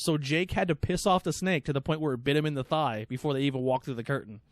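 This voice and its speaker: A man's voice: a little high, quick pace, few pauses, dry recording, clean studio sound. A man hosting a podcast, telling rambling stories full of swearing. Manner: profane, rambling storyteller. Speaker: podcast host. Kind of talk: casual chat.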